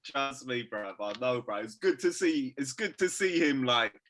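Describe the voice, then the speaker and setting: A man's voice: mid-range voice, animated, measured pace, sharp tone. A man co-hosting a sports podcast, chatting casually and laughing often. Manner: slangy, says "bruv" constantly, laughs often. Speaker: podcast co-host. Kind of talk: casual chat.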